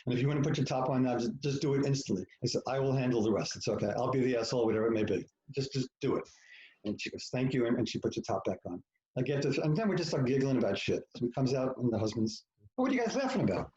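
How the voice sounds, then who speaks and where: Speaking fast in a warm, mid-range voice, a man on a podcast candidly tells a personal story in conversation, cursing, imitating what others said, and poking fun at himself. The recording comes across reverberant and dull.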